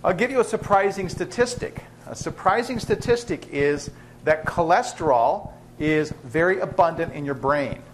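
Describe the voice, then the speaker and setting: A man's voice: a little high, lively intonation, normal speed, slight background noise. A man lecturing to students in a lecture hall, chatty and joking as he teaches. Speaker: biochemistry professor. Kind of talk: university lecture.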